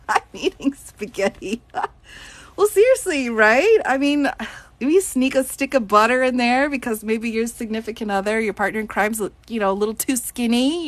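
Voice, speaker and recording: A woman's voice: a little high, dry recording. A woman attorney on a casual live stream, reading out viewer questions and answering them with lots of laughter. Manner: giggly, reads out chat questions and answers them.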